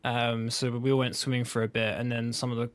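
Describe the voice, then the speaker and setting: A man's voice: mid-range voice, level tone, fairly quick, dry recording. A young man with a southern English accent, chatting casually on a podcast, rambling and swearing with self-mocking humor. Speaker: podcast co-host. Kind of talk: relaxed casual chat.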